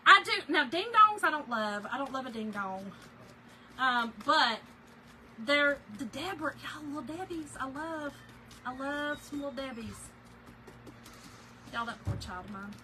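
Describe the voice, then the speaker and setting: A woman's voice: high-pitched, animated, a little slow, long pauses, sharp tone, a little hiss or hum, low-quality recording. A middle-aged woman, chatting casually and laughing with live viewers while she crafts. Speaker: craft livestream host.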